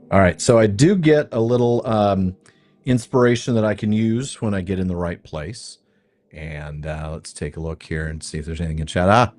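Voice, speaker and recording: A man's voice: sits low, moderate pace, a little mellow. A man hosting a game stream, chatting casually and thinking aloud as he plays. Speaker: streamer and podcast host. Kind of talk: casual gameplay commentary.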